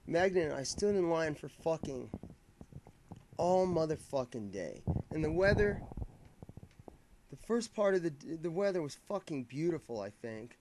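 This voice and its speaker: A man with a slightly high voice tells a story straight to his camera, profane and rambling. He restarts his sentences often and keeps talking in a casual, unscripted flow. A faint hiss sits under the recording. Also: animated, a little slow. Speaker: vlogger telling a fan story.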